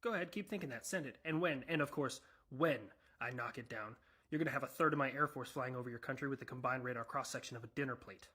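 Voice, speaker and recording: A man's voice: mid-range voice, fast, bright, forceful tone, slightly rough, pitched below the performer's own voice. A man voicing a cocky, trash-talking male personification of America in a comedy sketch. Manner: cocky, brash taunting.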